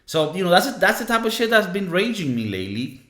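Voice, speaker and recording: A young man co-hosting a podcast, venting in a casual, profane rant and mocking people with quick impressions. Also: high voice, big pitch swings, a bit bright. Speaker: podcast co-host. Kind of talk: casual ranting monologue. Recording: echoey room.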